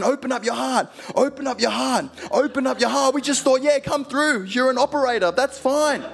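A man's voice: very high voice, fairly bright tone, pitched above the performer's own voice. A man voicing a flustered, apologetic female hospital nurse in a rambling way.

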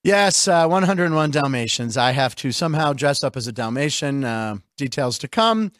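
A middle-aged man from Pittsburgh hosting a casual comedic radio chat, rambling with jokes and quick asides. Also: mid-range voice, expressive, a bit bright, no echo, studio quality. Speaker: host.

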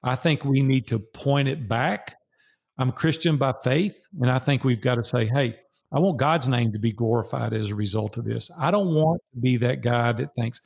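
An older man with a Southern drawl talks through a personal story as a podcast guest. His voice carries a gravelly edge, and he leans on repetition to drive points home. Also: mid-range voice, normal speed. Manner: earnest, repeats phrases for emphasis. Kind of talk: casual storytelling interview.

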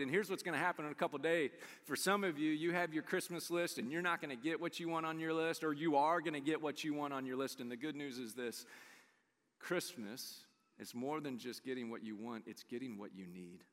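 A high-voiced man preaching with a bright, forceful tone. He talks in a loose, conversational way, acting out the characters in his story. His voice rings out with a long reverb, as in a large church sanctuary. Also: brisk. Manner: animated, conversational, acts out quotes. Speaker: pastor. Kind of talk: sermon.

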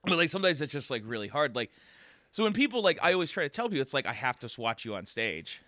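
A man's voice: a little high, very animated, quick pace, bright, forceful tone, no echo, clean studio sound. A man, a comedian and open mic host, chatting casually on a podcast and rambling with lots of fillers. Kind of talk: casual podcast chat, storytelling.

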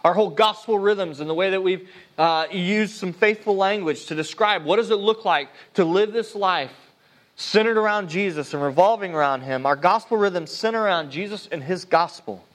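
Male pastor, higher voice, earnest conversational sermon with restarts. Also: moderate pace. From United States.

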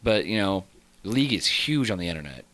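Deep, bright-voiced male co-host. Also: brisk. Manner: chatty, animated anecdotes. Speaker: podcast co-host. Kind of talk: casual chat.

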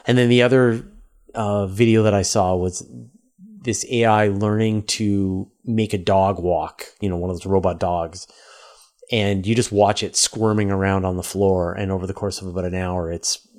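A man co-hosting a casual podcast chat, talking in an animated, quick way and reading out thanks to supporters. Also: on the low side. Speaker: podcast co-host. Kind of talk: casual chat and sponsor read-out.

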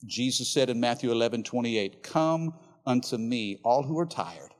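A man's voice: medium pitch, moderate pace. Passionate preacher man in an echoing hall. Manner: passionate preaching, swinging from loud emphasis to soft quiet. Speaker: pastor. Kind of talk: sermon. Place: large church hall. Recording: reverberant church hall.

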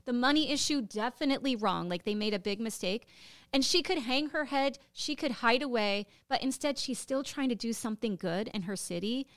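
A woman's voice: on the high side, lively intonation, brisk, a bit bright, no room sound, clean studio sound. A woman co-hosting a podcast, telling a story in casual chat, emotional and rambling with lots of fillers. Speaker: podcast co-host.

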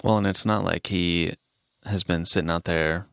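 Deep gravelly man chiming in. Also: steady tone, moderate pace, a bit bright, dry recording, studio quality. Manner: chimes in conversationally. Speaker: podcast co-host. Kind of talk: casual discussion.

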